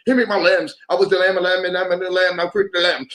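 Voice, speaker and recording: A man with a high, light voice talks in a freestyle monologue. He drifts from word to word and chants repeated sounds in a loose stream of wordplay. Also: steady tone, quick pace, few pauses, sharp tone. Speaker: vlogger.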